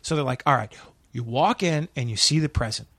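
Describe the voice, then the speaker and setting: A man, a comedian guest on a podcast, telling a story in casual chat, profane and animated, acting out other people's voices. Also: mid-range voice, fairly quick, no room sound. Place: small room.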